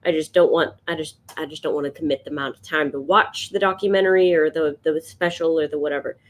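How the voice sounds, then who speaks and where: A woman's voice: sits low, fairly even intonation, quick pace. A woman chatting casually and rambling while she sketches on a live stream. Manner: rambling, chatty, laughs often. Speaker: art streamer.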